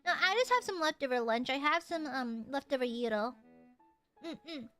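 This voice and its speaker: High bouncy lady streamer, teasing viewers, squeals then mutters, bright tone. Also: expressive, normal speed, soft background music. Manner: playful, teasing, swings between loud squeals and low mutters. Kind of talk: casual chat with viewers.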